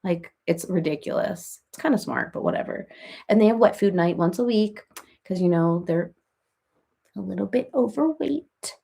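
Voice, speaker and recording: A woman's voice: medium pitch, animated, moderate pace, creaky, warm tone, slightly rough. A woman playing a rambling, chatty reality-TV woman in a comedic parody livestream, who baby-talks her cats and answers viewers by name.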